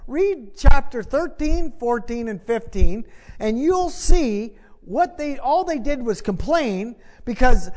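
A man's voice: very high voice, expressive, slow, darkish tone. A man preaching a sermon, telling a personal story and then rising into impassioned calls to believe. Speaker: pastor. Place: church. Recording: long church reverb.

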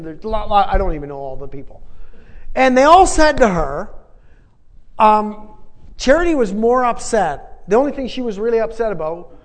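High-voiced preacher in a reverberant hall. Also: male voice. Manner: emphatic, conversational, with repeated phrases. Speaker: preacher sharing a testimony. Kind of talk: sermon testimony, storytelling. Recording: long reverb of a large hall.

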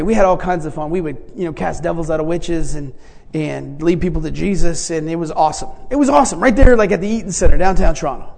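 Male preacher, gravelly voice, rambling, chuckling storytelling, big hall echo. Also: on the high side, darkish tone. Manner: rambling with many restarts and chuckles. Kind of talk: sermon storytelling. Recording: long reverb in a large hall.

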